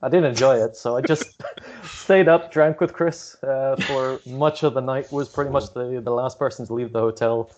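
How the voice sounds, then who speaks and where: A man's voice: medium pitch, steady tone, normal speed, darkish tone, slight background noise. A man who grew up in Scotland, talking as a guest speaker in a casual, chatty way and laughing often. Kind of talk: casual chat. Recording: dull lo-fi sound.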